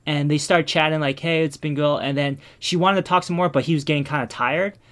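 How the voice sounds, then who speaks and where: A man with a slightly high, steady voice recounts a personal story fairly quickly in casual conversation. His manner is subdued and reflective, marked by frequent restarts and fillers that trail off quietly.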